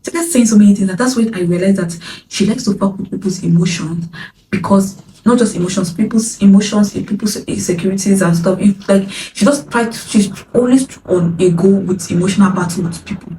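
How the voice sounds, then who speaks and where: Her medium-pitched voice warm and slightly fast, a young Nigerian vlogger shares a personal storytime with candor and drama, slipping into whispers at moments. The recording picks up a roomy echo and faint background ambience, since she's distant from the microphone.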